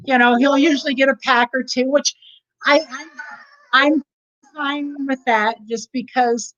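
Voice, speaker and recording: A woman's voice: high-pitched, steady tone, a little slow, a bit bright. A woman speaking as a parent guest in casual chat, rambling with many "you know" fillers and restarts. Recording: muffled lo-fi audio.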